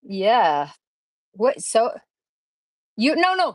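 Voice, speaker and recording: On her craft channel's livestream, a woman with a medium-pitched, animated voice rambles to viewers at a normal speed, gushing over the crafts she unboxes. There's no echo, though the recording quality is rough.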